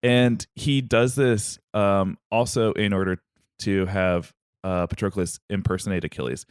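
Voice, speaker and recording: Male podcast host, lower voice, casual joking myth storyteller, dry sound. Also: steady tone, measured pace, smooth, no echo. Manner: rambling, filler-heavy, joking. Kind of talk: casual comedic retelling.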